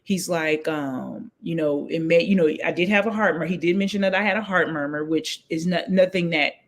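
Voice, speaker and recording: A woman, a guest telling her story in a casual interview, acting out what others said in lively voices. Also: fairly low pitch, fairly quick. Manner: animated, acts out quoted voices.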